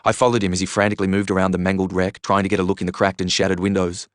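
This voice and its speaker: A man reading a first-person novel aloud in earnest, measured storytelling. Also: low voice, little pitch movement, no room sound, clean studio sound. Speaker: reader. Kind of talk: audiobook narration.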